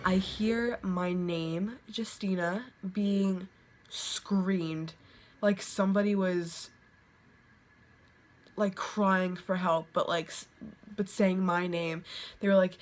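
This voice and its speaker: A young woman vlogger casually telling ghost stories to the camera, full of "like" fillers and quick laughs. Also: medium pitch, steady tone. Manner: chatty, lots of "like" fillers, quick laughs, acts out quotes.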